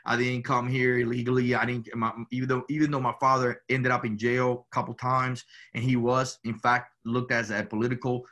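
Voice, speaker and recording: A man's voice: mid-range voice, little pitch movement, fairly quick, hardly any pauses, a bit bright. A man from Cuba, a guest, telling his family story in a rambling, casual way, often saying "you know" and "man".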